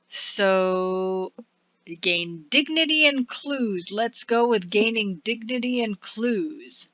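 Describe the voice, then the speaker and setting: Woman let's-player narrating a story game, measured pace, dry close mic, dull lo-fi sound. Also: medium pitch, expressive, fairly bright tone, no room sound. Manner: reads game text, then mutters choices aloud. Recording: dull lo-fi recording.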